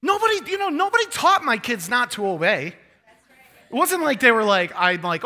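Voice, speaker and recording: A man's voice: extremely high pitch, moderate pace. A man in his thirties preaching a sermon, joking and acting out quoted voices. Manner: animated, joking, acts out quotes in changing voices. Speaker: pastor.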